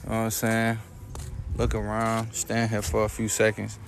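A man joking about his routine in a relaxed, laid-back way. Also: lowish voice, normal speed, vocal fry, slight background noise. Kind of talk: casual joking monologue.

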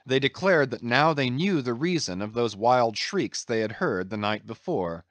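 Man, audiobook narrator, mid pitch, lively intonation, dry close sound. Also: no echo. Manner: expressive, measured storytelling. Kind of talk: scripted narration.

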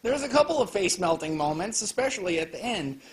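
A man giving a casual, joking film review, full of swearing and quick asides. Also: sits high, big pitch swings. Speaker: anime reviewer. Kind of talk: casual profane video review.

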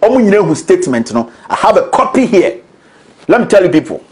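A man's voice: high voice, sing-song, a little fast, a little mellow. A man with a Ghanaian accent, hosting a political commentary show in a combative, accusatory, emphatic way. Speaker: show host.

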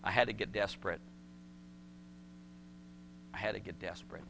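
A middle-aged man preaching a sermon, swinging from shouted pleas to hushed words. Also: lowish voice, moderate pace, creaky, noisy background. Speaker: pastor.

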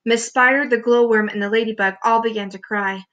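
A woman reading a chapter of a children's book aloud with expressive storytelling. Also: a little high, fairly quick, highs cut off. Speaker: reader.

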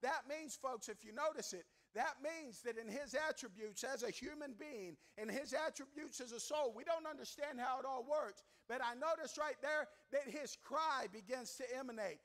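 A man preaching a fiery revival sermon in a church, building to shouted repeated lines and then dropping to a hushed, quiet delivery. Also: normal speed, few pauses. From American South. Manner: climbs to shouting, repeats phrases, then drops low and quiet. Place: church sanctuary.

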